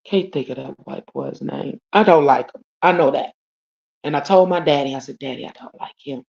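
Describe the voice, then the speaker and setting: Speaking at a normal speed in a low, creaky, somewhat dark voice, a livestream host from Detroit, USA shares a laid-back story from her home. Her style is profane and blunt, full of slang and shout-outs to viewers, and the stream audio sounds dull and lo-fi.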